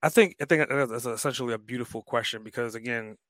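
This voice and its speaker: A man's voice: mid-range voice, fast, fairly bright tone, no echo. A man speaking as a podcast guest, emphatic and fired up, swearing freely in casual conversation.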